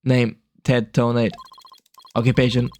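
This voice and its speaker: A man streaming a game, reading a terse male bomb expert in a flat, clipped, machine-like delivery. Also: medium pitch, measured pace, a little hiss or hum, natural voice. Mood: clipped robotic. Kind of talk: casual game dialogue reading.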